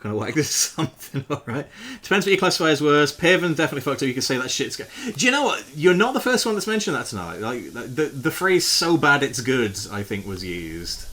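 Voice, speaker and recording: A man's voice: mid-range voice, very animated, quick pace, fairly bright tone. A man streaming live, chatting casually with viewers while he plays a game, joking and swearing freely. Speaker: variety streamer.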